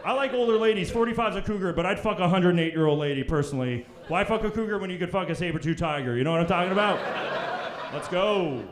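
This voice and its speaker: A young Canadian man doing a crude, brash stand-up set on a club stage, jumping into loud high voices when he quotes people. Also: fast. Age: young adult. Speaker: stand-up comedian. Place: comedy club stage before a live audience. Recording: echoey room with crowd laughter.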